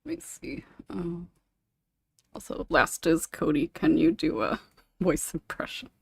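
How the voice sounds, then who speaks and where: A woman hosting a casual panel podcast, reading out listener questions between frequent laughs. Her voice sits on the low side but swings up and down freely, with a gravelly fry at the ends of phrases. The sound is close and dry, through a remote call mic. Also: lively intonation, measured pace, dry recording. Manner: laughs often, reads listener questions aloud. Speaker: podcast host.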